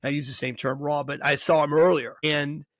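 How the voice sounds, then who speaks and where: A middle-aged man hosts a podcast, speaking at a normal pace in a fairly high voice with studio-quality sound and no echo. He's a baseball coach swapping stories in relaxed interview chat, animatedly acting out the voices of the people he quotes.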